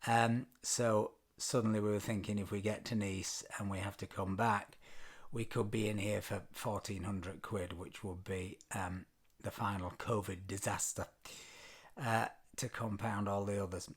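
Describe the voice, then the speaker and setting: A man's voice: lowish voice, little pitch movement, unhurried, slightly rough. A British man vlogging, telling a travel story casually with frequent ums and wry self-deprecating asides. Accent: British English. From Britain.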